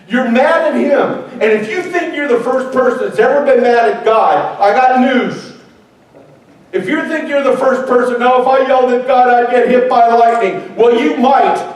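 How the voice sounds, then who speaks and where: A male pastor preaching a sermon in a church hall, talking in a joking, conversational way and acting out quoted voices. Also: extremely high pitch. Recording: very echoey hall from far off, faint noise.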